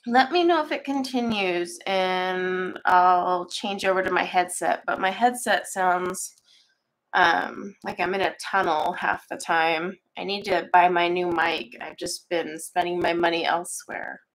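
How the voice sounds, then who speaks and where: Female host, unhurried, congested, chatty casual stream talk on webcam mic. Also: lowish voice, steady tone, slight background noise. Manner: chatty, rambling, many ums and laughs. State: stuffy and congested. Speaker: coloring channel host. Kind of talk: casual livestream chat. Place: home art studio.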